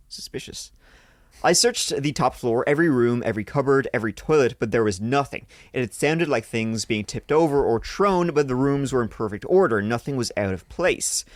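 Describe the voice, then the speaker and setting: A man with a medium-pitched voice hosts a podcast, casually reading a listener's ghost story aloud. He swears freely and breaks off mid-story to joke. The recording is dry with a clean studio sound.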